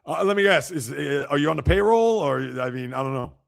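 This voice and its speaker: Gravelly high-voiced man teasing his live chat. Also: animated, brisk. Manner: teasing, competitive, reads and answers viewer comments. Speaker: livestream sports host. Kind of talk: casual live-chat banter.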